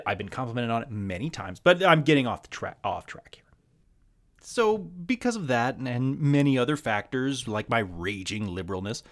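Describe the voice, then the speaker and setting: Man, slight Southern US accent, podcast host, casual monologue, sardonic, candid, lots of ums, animated pitch. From American South. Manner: frequent ums and trailing asides.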